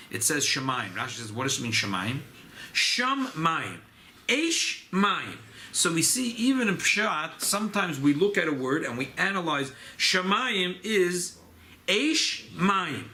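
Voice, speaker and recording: Rabbi guy teaching a class, kinda high voice, faint hiss behind. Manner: animated, rising pitch on emphasis, Yiddish and Hebrew terms mixed in. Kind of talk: informal Torah class.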